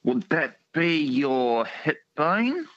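A man's voice: fairly high pitch, very animated, drawn-out words, a bit bright, no room sound. A man calling into a radio quiz, jokey and laid-back. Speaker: caller. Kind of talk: casual phone chat. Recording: muffled phone line.

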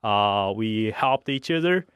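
Young Japanese man, halting English. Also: fairly low pitch, expressive, fairly bright tone, clear, resonant tone, no room sound, studio quality. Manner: hesitant, halting English with many uhs and light laughs. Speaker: fighter pilot guest. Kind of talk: radio interview.

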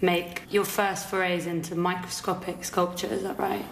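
A woman interviewing a guest, gently prompting him with facts, her voice slightly low for a woman. The recording has a roomy echo and a faint hiss. She keeps her questions calm and short. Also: normal speed, creaky.

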